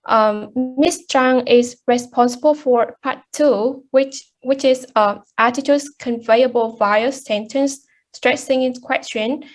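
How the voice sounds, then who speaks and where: High-voiced young woman presenting in class. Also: slow. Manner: hesitant, many fillers and restarts. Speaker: student presenter.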